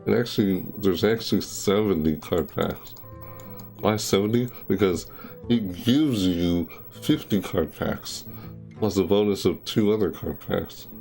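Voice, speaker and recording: A young adult man chats casually over gameplay on a live stream, rambling, repeating, and correcting himself. His voice sits low, creaky and darkish, and he speaks at a measured pace. Soft music plays in the background.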